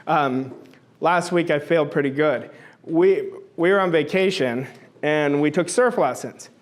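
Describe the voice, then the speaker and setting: A man's voice: fairly high pitch, measured pace. A middle-aged man giving an emphatic motivational talk as a coach, repeating his key phrases for force.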